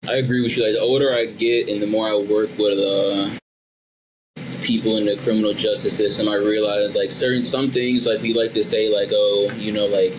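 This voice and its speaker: A man's voice: fairly low pitch, flat delivery, normal speed, slight background noise, rough recording. A man co-hosting a podcast in casual chat, blunt and slangy, leaning on "bro" and "you know what I'm saying.". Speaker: podcast co-host.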